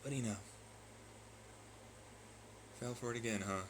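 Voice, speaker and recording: A man's voice: medium pitch, moderate pace, background noise. A man vlogging in a profane, sarcastic and taunting rant. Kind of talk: ranting monologue.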